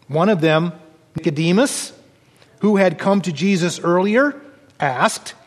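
A man's voice: fairly high pitch, moderate pace, big-room sound. A man preaching a sermon, reading scripture aloud and explaining it earnestly. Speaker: pastor.

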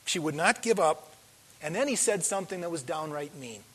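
A man preaching a sermon as pastor, telling the story with animated delivery and acting out the voices in it. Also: a little high, moderate pace, husky. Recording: long hall reverb.

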